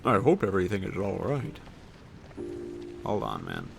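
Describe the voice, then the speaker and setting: A man's voice: low voice, wildly swooping pitch, moderate pace, vocal fry, over music. A man chatting casually while live-streaming a game from his home desk, rambling and joking and swearing often.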